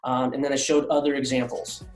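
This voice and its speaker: A man's voice: mid-range voice, level tone, fairly quick, over music. A man telling a long story as an artist guest on a podcast, rambling with many fillers and restarts. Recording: roomy echo.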